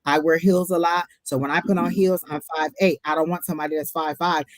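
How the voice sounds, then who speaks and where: A woman's voice: sits low, fairly even intonation, brisk, no room sound. A woman hosting a casual live-stream tarot reading, talking in a chatty, emphatic way and often repeating herself. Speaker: tarot reader host.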